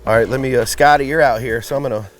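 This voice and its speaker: A man's voice: mid-range voice, steady tone, racing. Cheerful man hosting an outdoor cooking vlog. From New England. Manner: upbeat, jokey, talks to friends while serving food. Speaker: host of a barbecue cooking channel. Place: outdoors in a backyard at a smoker.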